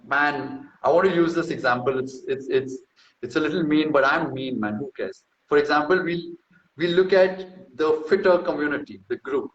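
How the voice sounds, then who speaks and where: A man in casual talk reading through a research paper, brash and mocking, with profane boastful asides. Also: on the high side. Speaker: host. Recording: echoey room, slightly dull sound.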